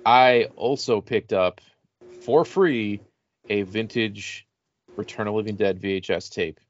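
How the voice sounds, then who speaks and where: Relaxed low-voiced man chatting about toys. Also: unhurried, dull audio. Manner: relaxed, rambling with many fillers. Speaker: podcast co-host. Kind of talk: casual chat about toy purchases.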